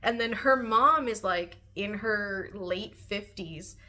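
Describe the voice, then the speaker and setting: A young adult woman with a mid-range voice reviews books in a casual vlog. Animated and talkative, she laughs a lot and leans on "um" and "like" when she pauses.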